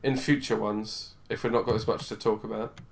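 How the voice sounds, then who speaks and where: A man's voice: lowish voice, flat delivery, brisk, slight background noise. A man co-hosting a podcast in a rambling, casual chat, tired with a dry, sore throat. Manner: chatty, rambling, self-interrupting. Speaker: podcast co-host.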